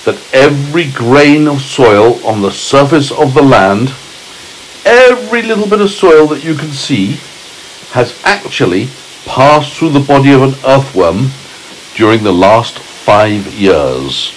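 A man's voice: mid-range voice, expressive, measured pace, slight background noise, natural voice, poor audio. A man voicing a proud, chatty male earthworm in a storybook read aloud to a child.

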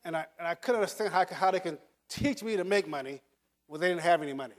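Older guy giving a pep talk, highish voice, punchy and repetitive, chuckles a lot. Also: quick pace. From United States. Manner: emphatic, repeats words, chuckles through stories. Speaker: motivational speaker. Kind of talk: motivational talk to an audience.

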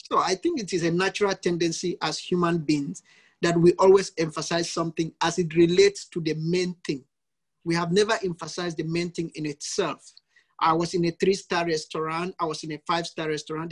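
A man's voice: fairly high pitch, steady tone, brisk, slightly rough. A male priest giving a teaching talk in an online session, emphatic and fond of repeated lists of examples.

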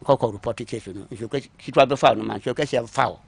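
A man recounting his own long story on a talk show, acting out what others said to him, moving between quiet asides and louder bursts. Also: medium pitch, fast, gravelly, breathy edge, no room sound. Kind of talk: call-in story telling.

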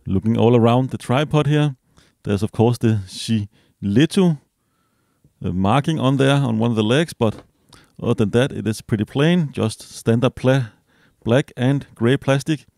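A man casually reviewing a small gadget as he unboxes it, relaxed and hesitant, with fillers and self-corrections. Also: medium pitch, measured pace, vocal fry, no room sound, studio quality. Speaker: product reviewer.

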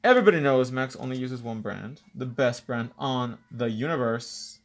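A man with a gravelly, creaky voice runs a live-stream nail tutorial. He talks through each step in a playful, bantering way and tosses in Spanish greetings. His pitch sits in the middle of the male range. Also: moderate pace.

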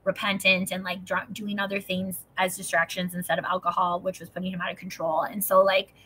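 Woman in her thirties, chatty host, bright and slightly husky, lots of "like" and swearing. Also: lowish voice, flat delivery, fairly quick. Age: 30s. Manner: chatty, peppered with "like", swearing, acting out quotes. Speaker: host reading and discussing a self-help book. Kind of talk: casual storytelling and book reading.

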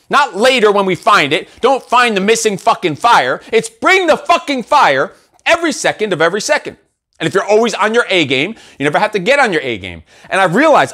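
Male motivational coach, high voice, very lively delivery, swears constantly, hammers phrases. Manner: intense, swearing, repetitive exhortations. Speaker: host and coach. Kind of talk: profane motivational monologue.

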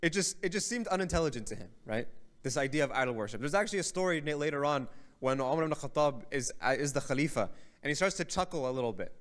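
A man's voice: on the high side, expressive, fast, fairly bright tone. A man giving a religious lecture, telling a story in a conversational way and often checking in with the audience. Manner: conversational storytelling with frequent "right?". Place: mosque hall.

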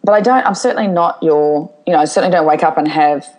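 A woman's voice: sits low, fast, a little mellow, poor audio. A middle-aged woman, a guest speaker, answering interview questions candidly and telling stories with frequent restarts. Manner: open, storytelling, restarts her sentences.

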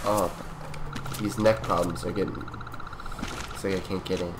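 A man's voice: deep voice, level tone, unhurried, noisy background. A man giving goofy, rambling gameplay commentary, playing along in character with mock-serious speeches. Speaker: gameplay video creator.

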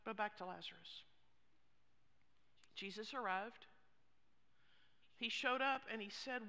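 A woman pastor preaching a sermon, expressive, with hushed asides. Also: high-pitched. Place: church sanctuary. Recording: long reverb of a church hall.

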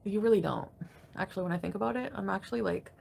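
A woman livestreaming from home, venting in an angry, crabby, profane rant that jumps between grumbling and sharp loud outbursts. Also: medium pitch, fast talker, creaky, a little hiss or hum. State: crabby and irritated. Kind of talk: ranting live stream chat.

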